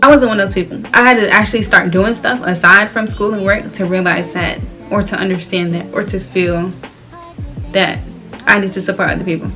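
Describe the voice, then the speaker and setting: A woman's voice: medium pitch, fairly even intonation, fairly quick, bright, forceful tone, faint music behind. A young woman in her twenties from Florida, talking candidly and loosely with slang and frequent laughs while doing her hair for a vlog. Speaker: vlogger.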